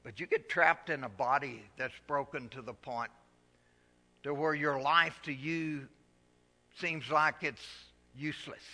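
A man preaching a sermon, moving between quiet storytelling and loud, emphatic passages. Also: medium pitch, in a large hall. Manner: swells from soft to loud preaching.

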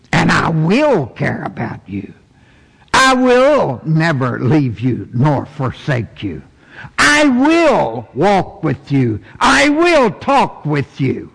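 Male preacher, high voice, gravelly, slow deliberate delivery, long hall reverb. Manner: swings from hushed intimate asides to loud emphatic preaching. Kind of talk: sermon.

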